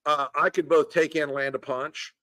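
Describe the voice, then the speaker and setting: Southern male co-host, sardonic and profane, bright high voice. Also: level tone, moderate pace, dry recording. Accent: Southern American. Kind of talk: casual political chat.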